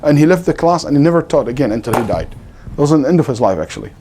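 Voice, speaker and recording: A man's voice: fairly high pitch, warm tone. A middle-aged man giving a religious lecture as a teacher, telling stories with animation and acting out the quotes.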